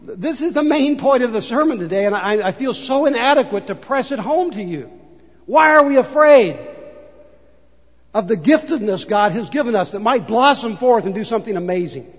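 Animated older pastor preaching. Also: male voice, extremely high pitch, moderate pace. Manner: animated, swings between loud emphasis and hushed asides. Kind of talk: sermon. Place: church sanctuary. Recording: dull reverberant church recording.

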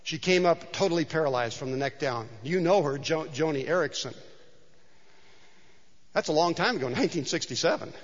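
Male pastor, high voice, chatty sermon delivery with rhetorical questions, muffled recording in a long-reverb sanctuary. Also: lively intonation, fairly quick. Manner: conversational, asides and rhetorical questions. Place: church sanctuary. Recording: dull sound with long hall reverb.

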